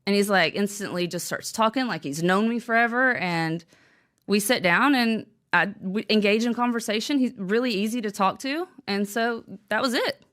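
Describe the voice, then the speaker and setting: A woman's voice: medium pitch, moderate pace, a bit bright. A young woman, the author of a memoir, telling her story candidly in an interview, with many fillers and restarts.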